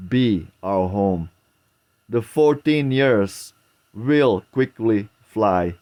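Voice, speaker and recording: A man reading the lines of a gentle, dutiful young prince in slow, archaic verse. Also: medium pitch. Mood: solemn. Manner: measured, archaic verse cadence.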